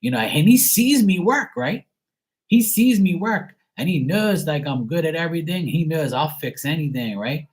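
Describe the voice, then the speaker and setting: A man's voice: a little high, expressive, normal speed. Blunt, foul-mouthed man venting. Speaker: online tarot reader and host. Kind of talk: casual chat.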